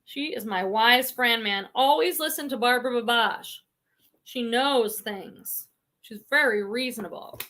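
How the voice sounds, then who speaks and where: A woman's voice: a little high, unhurried, pushed and bright. A woman with a Boston accent hosting a casual livestream, chatting and reading viewer comments aloud. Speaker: reseller livestream host.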